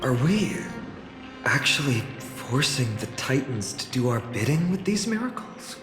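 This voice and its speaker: A determined young hero from a video game, resolute and upbeat as he rallies his companions onward. His mid-pitched voice rings out with a long, echoing tail. Loud music plays behind him throughout. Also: very animated, measured pace. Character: determined young male hero leading a quest.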